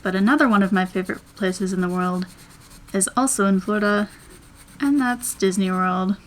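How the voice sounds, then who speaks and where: A woman's voice: mid-range voice, normal speed, slight background noise. Chatty young woman rambling while drawing. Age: 20s. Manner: chatty and rambling, thinking out loud. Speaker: vlogger. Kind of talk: casual chat while drawing.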